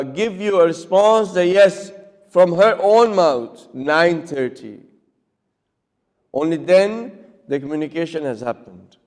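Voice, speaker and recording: Male cleric-lecturer, fairly high voice, teaching tone, quizzes the room, echoing hall sound. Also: darkish tone. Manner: keeps checking with listeners, acts out little dialogues. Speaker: cleric giving a talk. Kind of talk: lecture with audience questions. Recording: long reverb of a hall.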